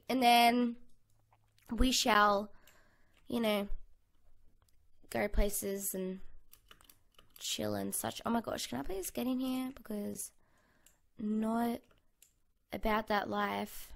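A young Australian woman gives chatty gameplay commentary into a desk mic at home. Her voice sits high and bright, with a gravelly fry under the words. She rambles cheerfully and talks her thoughts aloud. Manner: chatty and bubbly, thinking aloud with fillers. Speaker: gaming channel host. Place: home bedroom. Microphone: USB condenser mic.

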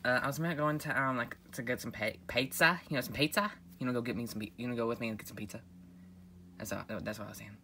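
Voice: medium pitch, fast, sharp tone, slight background noise. A performer voicing an awkward young friend who stumbles and repeats words in a homemade comedy skit.

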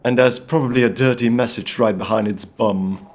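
Playing a character during gameplay, this man from Belgium gives a theatrical, gallant-in-jest commentary punctuated by comic outbursts. He speaks at a normal speed in a mid-range voice with fairly even intonation, and the recording is very noisy.

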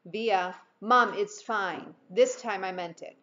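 A woman's voice: mid-range voice, slow pace, fairly bright tone, lo-fi sound. A woman voicing a stubborn, sulky fifteen-year-old girl in a read-aloud storybook. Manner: curt, insistent.

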